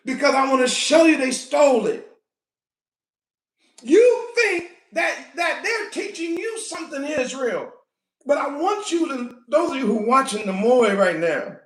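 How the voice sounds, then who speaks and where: High-voiced woman preaching in an echoey room. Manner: animated, often shouting and laughing. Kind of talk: fiery sermon.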